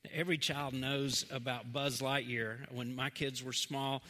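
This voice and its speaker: Middle-aged guy preaching, earnest, goes quiet then punches words, big hall echo. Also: medium pitch, steady tone, unhurried. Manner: earnest, swings from soft to emphatic. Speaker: pastor. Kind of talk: sermon. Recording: long hall reverb.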